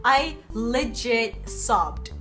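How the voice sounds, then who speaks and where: Young woman, casual book chat, excitable and gushing, soft music behind. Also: a little high, extremely slow. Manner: gushing, excitable, lots of fillers. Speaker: book reviewer. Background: soft background music.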